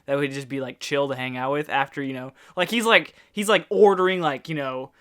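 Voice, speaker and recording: A man's voice: medium pitch, fairly quick, few pauses, fairly bright tone, smooth. A young man co-hosting a gaming podcast, rambling and laughing his way through casual chat. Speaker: podcast co-host.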